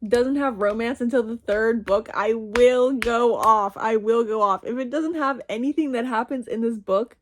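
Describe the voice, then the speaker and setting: A young woman talks to her camera in a loose, rambling way, cutting herself off and restarting her thoughts. Her voice sits a little high. Close phone or webcam sound, a casual reading vlog. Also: normal speed, hardly any pauses. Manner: rambling, self-interrupting, laughs at herself. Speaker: reading vlogger. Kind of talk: casual chatty monologue.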